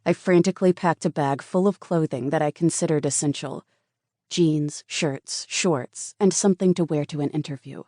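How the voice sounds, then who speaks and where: Mellow-voiced audiobook narrator, woman. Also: low voice, no room sound, studio quality. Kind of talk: scripted first-person narration.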